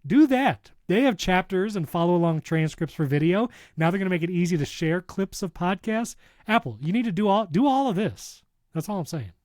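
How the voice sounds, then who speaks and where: A man co-hosting a casual tech podcast, excitable and ranting, laughing often. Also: high voice, a little fast, no echo. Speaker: podcast co-host.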